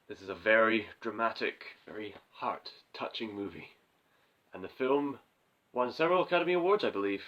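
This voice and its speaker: A man's voice: lowish voice, a bit bright, highs cut off. A man hosting a comedic film review, sarcastic and theatrical, often exasperated.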